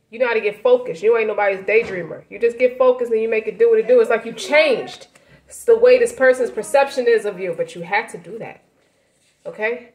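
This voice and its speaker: A woman giving a casual tarot reading to her viewers, brash and profane, swinging from loud hype down to low muttering. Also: a little hiss or hum. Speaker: tarot reader.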